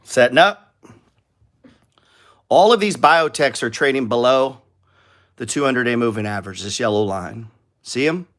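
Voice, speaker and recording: A middle-aged man talks through stock charts on a live stream, blunt and profane. He lectures viewers bluntly and with open impatience. His voice sits at an ordinary middle pitch. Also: animated, unhurried, long pauses, a bit bright. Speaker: trading show host.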